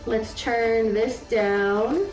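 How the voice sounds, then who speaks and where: A young woman chats casually through a game stream, stopping now and then to coo at her baby. Her voice sits a little high, and it echoes in the room. Soft music plays underneath. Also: fairly even intonation, very slow. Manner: chatty, doting baby talk to her daughter. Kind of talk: casual live-stream chat.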